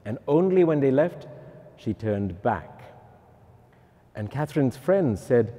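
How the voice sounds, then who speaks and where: A man's voice: medium pitch, slow, pauses often, big-room sound. A male Catholic priest giving a humorous, teasing talk to pilgrims. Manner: joking, lively, teasing.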